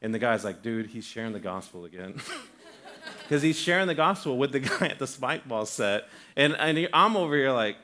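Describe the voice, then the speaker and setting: A young male guest pastor preaches to a church congregation in a loose, conversational way. He tells stories with energy, jumps into other people's voices, and often restarts his sentences. His pitch sits in a middle range for a man. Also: moderate pace. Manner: animated storytelling, acts out quoted voices. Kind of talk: sermon. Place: church sanctuary.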